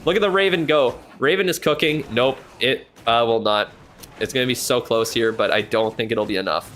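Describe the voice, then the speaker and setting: A man streams himself calling a match, his middle-pitched voice delivering relaxed, talkative play-by-play. Each turn gets a fast, excited reaction and sometimes a casual curse, and a faint hiss or hum sits under the audio.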